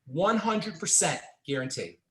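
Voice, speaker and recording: A man's voice: on the high side, expressive, a little slow, pushed and bright. A man, a pharmacist hosting a call-in health radio show, talking in an emphatic, preachy way and repeating phrases for stress.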